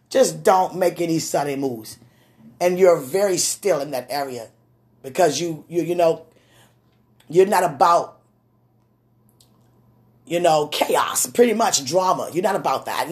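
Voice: medium pitch, animated, a little slow, darkish tone. A prophetic minister speaking straight to a listener in a sermon podcast, emphatic and repeating key phrases. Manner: emphatic, repetitive, direct address.

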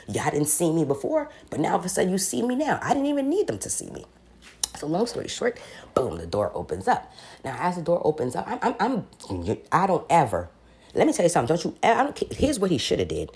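Deep raspy-edged woman vlogging a story, swings up and down a lot, insistent and animated. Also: quick pace. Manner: animated, acts out the people she quotes; emphatic and insistent, repeats her points. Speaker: vlogger telling a personal story. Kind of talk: casual storytelling.

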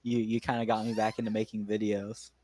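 A man's voice: fairly low pitch, flat delivery, darkish tone, dry recording. A teenage boy on a casual podcast who jokes, laughs a lot and stumbles over his words. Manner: joking, laughs often, halting restarts. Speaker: podcast co-host.

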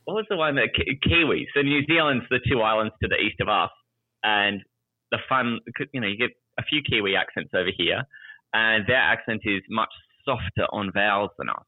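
A man's voice: on the low side, moderate pace, dry recording, phone-quality sound. A man with an Australian accent in casual chat, jokey and self-mocking, laughing often.

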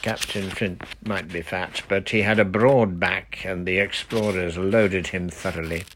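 Man, audiobook narrator, children's novel, expressive, lowish voice. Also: unhurried, background noise.

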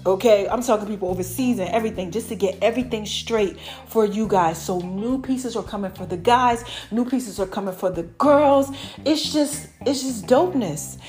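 A woman hosting her own podcast, chatting excitedly and effusively with her listeners, full of thanks and exclamations. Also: medium pitch. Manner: effusive, chatty, lots of "y'all" and "oh my gosh". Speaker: podcast host. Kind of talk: excited casual podcast chat.

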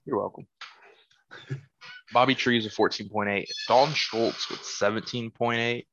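A man's voice: mid-range voice, fairly even intonation, a little slow, fairly bright tone, dry recording, muffled recording. A man hosting a casual podcast, reading off fantasy football scores and teasing his friends. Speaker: podcast host.

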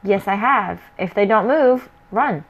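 A woman's voice: medium pitch, lively intonation, measured pace, lo-fi sound. A woman voicing a dry, confident male elf tracker who speaks matter-of-factly. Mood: curt. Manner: matter-of-fact, curt.

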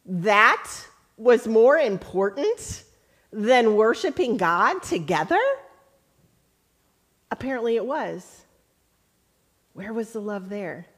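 A woman pastor preaching a sermon, reading scripture slowly and deliberately, then building to emphatic questions to her congregation. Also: medium pitch, slightly rough. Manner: earnest preaching, rising to lively emphatic questions; slow, deliberate quoting of scripture.

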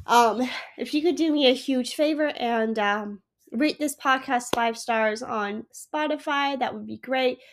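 A woman's voice: fairly high pitch, unhurried, slight background noise. A sick young woman hosting her own podcast, gushing and emotional in a rambling casual chat. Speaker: podcast host.

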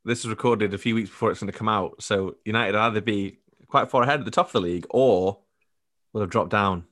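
A man hosting a casual podcast, wry and quick to laugh. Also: lowish voice, a bit bright. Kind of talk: casual chat.

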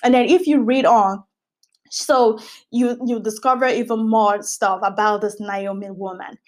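A woman's voice: medium pitch, steady tone, measured pace. A woman hosting a Bible study podcast, reading scripture aloud and teaching in a casual, earnest way, often repeating phrases for emphasis.

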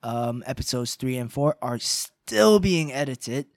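A man's voice: mid-range voice, animated, measured pace, no room sound. A man hosting a podcast, chatting casually and swearing now and then, then reading the sign-off. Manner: casual, swears, laughs easily. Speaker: podcast host.

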